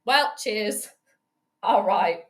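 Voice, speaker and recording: A woman with a medium-pitched, animated voice that stretches out her words hosts a casual livestream. She rambles chattily through play-by-play game reactions, greets viewers, wanders into tangents and offers astrology predictions.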